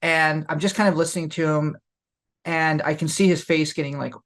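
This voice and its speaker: A woman's voice: deep voice, fairly even intonation, a little fast. A young adult woman co-hosting a podcast, telling a story casually and candidly with many fillers. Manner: candid, lots of fillers, laughs while telling. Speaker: podcast co-host.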